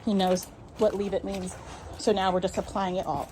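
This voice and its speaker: A woman's voice: medium pitch, little pitch movement, normal speed, background noise. A woman dog trainer explaining a walk outdoors on a neighborhood street, often checking in with "right?".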